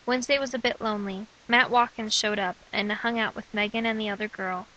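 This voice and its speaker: A young woman reading aloud from her own diary in an earnest, steady way. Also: medium pitch, a little fast, dull audio, a little hiss or hum. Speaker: narrator of own testimony.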